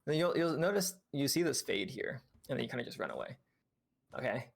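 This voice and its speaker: Male game coach, gravelly voice, patient, explanatory, filler-heavy delivery. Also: mid-range voice, very animated, fairly quick. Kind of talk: reviewing gameplay with a student on stream.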